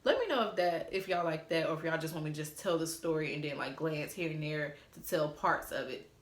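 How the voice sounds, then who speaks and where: A young woman with a slightly low voice retells her story in a sassy, profane way. She talks straight to her viewers with plenty of exasperation. Her voice carries a roomy echo. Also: fairly quick. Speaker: storytime vlogger. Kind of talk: casual storytime.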